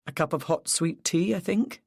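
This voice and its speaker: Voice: medium pitch, normal speed, gravelly, a little mellow, no room sound, studio quality. An audiobook narrator voicing Patrick, a distraught husband who talks in muffled, clipped phrases.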